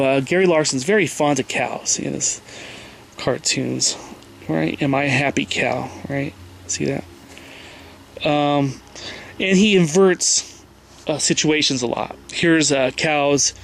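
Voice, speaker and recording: A rambling man in his forties talks through slides in a casual lecture, in a fairly high voice. He keeps checking in with his listeners with little "right?" and "okay?" tags. A faint hiss sits under his voice. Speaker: host giving a talk with slides.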